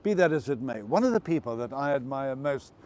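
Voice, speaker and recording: A man's voice: medium pitch, animated, brisk. A South African man speaking outdoors by an old harbour, giving an informal devotion in a conversational, storytelling way. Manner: conversational, storytelling, warm emphasis on scripture.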